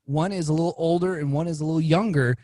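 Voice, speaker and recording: A man, a guest on a podcast, telling a story casually and acting out the quoted lines with his voice jumping up. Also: fast talker. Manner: animated, acts out quoted lines with rising pitch.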